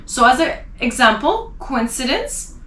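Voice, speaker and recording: A woman teaching an online French lesson, explaining accent marks and repeating sounds slowly and carefully for her students. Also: sits high, sing-song, pushed and bright. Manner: slow, careful pronunciation drills. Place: Los Angeles. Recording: echoey room.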